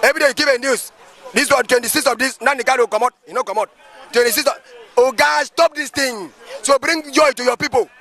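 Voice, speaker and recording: A Nigerian man, a pastor, holds forth out of doors in a very high, bright, gravelly voice. He lectures emphatically and keeps throwing rhetorical questions, with faint crowd chatter behind him. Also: fast. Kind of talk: impassioned street commentary.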